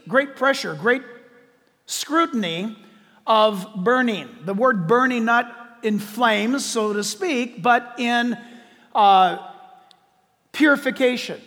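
A man's voice: very high voice, a bit bright, long reverb tail. A man preaching a sermon, emphatic and repeating key words for stress. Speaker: pastor.

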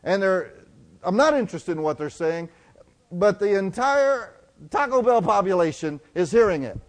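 A middle-aged man preaching a sermon, telling stories and swinging from loud to hushed. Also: high voice, lively intonation, moderate pace. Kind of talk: sermon storytelling.

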